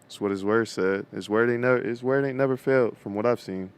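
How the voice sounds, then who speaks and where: A man's voice: medium pitch, brisk, clear, resonant tone. A young man talking casually about his faith to his viewers, slangy and full of fillers, outdoors. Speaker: vlogger. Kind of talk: casual faith talk to camera.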